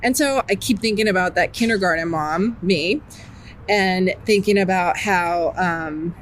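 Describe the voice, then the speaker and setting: A woman's voice: fairly low pitch, unhurried, a little hiss or hum. Candid middle-aged mother telling a story. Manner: candid, rambling, full of "like" asides. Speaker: parent of a student. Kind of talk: personal storytelling in an interview. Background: music bed.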